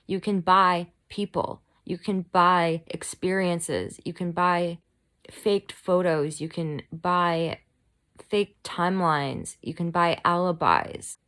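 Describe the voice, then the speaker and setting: A woman's voice: lowish voice, fairly even intonation, takes it slowly, fairly bright tone, clear, resonant tone. A woman vlogger delivering a heated, angry commentary, shaking and fired up as she rants. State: shaking with anger. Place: home room, bad lighting.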